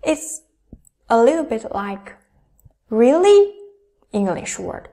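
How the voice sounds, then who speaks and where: A young adult woman teaching a Chinese lesson, carefully demonstrating each sound aloud in slow pronunciation drills. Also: on the high side, expressive, mellow.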